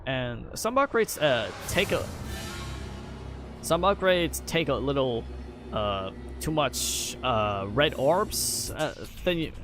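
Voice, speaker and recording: A man talking casually on a live stream, halting often with fillers and restarts. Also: mid-range voice, big pitch swings. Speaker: live streamer ranking games. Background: background music.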